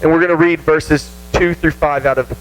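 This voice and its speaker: High-voiced Southern youth preacher. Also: male voice, moderate pace, a little hiss or hum, low-quality recording. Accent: Southern American. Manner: animated, self-mocking, acts out whiny voices. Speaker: youth pastor. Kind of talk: casual youth sermon. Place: church youth room.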